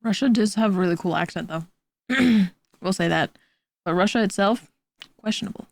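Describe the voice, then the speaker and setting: At a moderate pace, a young woman with a medium-pitched, creaky voice chats casually on her home art stream as she draws. There's no echo; she rambles, pokes fun at herself, and addresses her cat.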